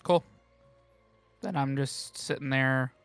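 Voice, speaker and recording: A man's voice: mid-range voice, steady tone, slow pace, smooth, dry recording, faint music behind. A young man playing a tabletop game, chatting playfully in a meandering, hesitant way. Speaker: player. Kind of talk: casual chat at a tabletop game.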